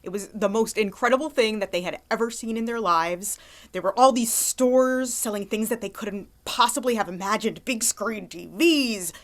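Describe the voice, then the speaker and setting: A woman telling a joke with dramatic storytelling, slowing down for effect. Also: a little high.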